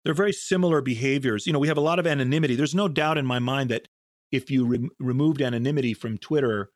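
A man's voice: medium pitch, fast talker, no echo, clean studio sound. A man answering interview questions in a thoughtful, rambling way, often restarting his sentences. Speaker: guest scientist.

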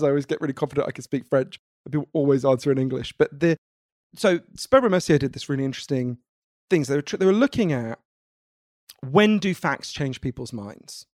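A man from the United Kingdom, a guest author in an interview, explaining ideas in an animated, lively way. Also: mid-range voice, fast talker, no room sound, clean studio sound. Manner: animated, explanatory, laughs easily. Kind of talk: conversational interview.

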